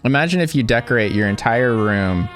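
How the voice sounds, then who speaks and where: A man's voice: mid-range voice, lively intonation, a little fast, loud music behind the voice. A man hosting an interview, talking in a wry, joking way and building playful schemes. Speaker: host. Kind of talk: interview with commentary.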